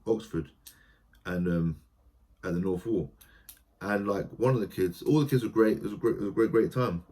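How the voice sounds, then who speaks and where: A man, a theatre practitioner talking as a podcast guest, animated and storytelling, often breaking into quoted voices and restarting his sentences. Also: lowish voice. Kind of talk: conversational podcast interview.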